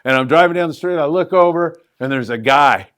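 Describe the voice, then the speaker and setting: A middle-aged man who hosts a fishing show responds to audience questions in an event room, spinning lively fishing anecdotes at a fairly quick clip. Loose fillers pepper his speech, and his pitch jumps up when he emphasizes something.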